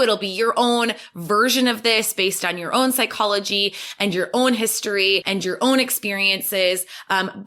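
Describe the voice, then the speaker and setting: Bright, upbeat woman coaching. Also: mid-range voice. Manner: upbeat, encouraging, acts out clients' inner voices. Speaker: podcast host and business coach. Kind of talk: solo podcast talk.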